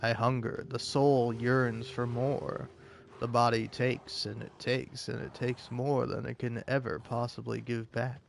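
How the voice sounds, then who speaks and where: A man's voice: mid-range voice, little pitch movement, measured pace, creaky, slight background noise. An American man giving rambling, jokey commentary while playing a game, stammering now and then as he talks. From United States. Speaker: gaming streamer. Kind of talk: casual gameplay commentary.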